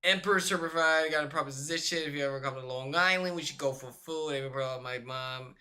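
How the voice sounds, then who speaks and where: A man's voice: a little high, a little fast, pushed and bright. A man live-streaming from a hotel room, chatting casually with viewers, swearing and laughing, breaking into shrieks when retelling a story.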